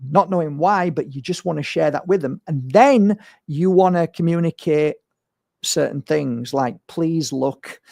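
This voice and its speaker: A man's voice: a little high, moderate pace, gravelly, darkish tone, dry recording, studio quality. A man, a spiritual medium, talking bluntly and emphatically in a rambling monologue to camera. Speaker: spiritual medium and crystal seller.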